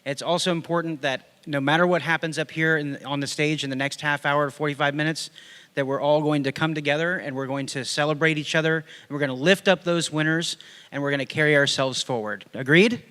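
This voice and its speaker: A man's voice: a little high, brisk, clear, resonant tone. Male speaker at a ceremony, casual and friendly, slightly raised voice with long reverb. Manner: relaxed and chatty, builds up to an introduction. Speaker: event organizer. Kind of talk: live event remarks.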